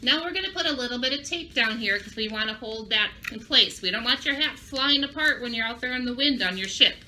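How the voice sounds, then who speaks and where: A woman's voice: fairly high pitch, expressive, a little fast, pushed and bright, slight background noise. A woman librarian giving a children's craft and story lesson, upbeat and speaking directly to young kids.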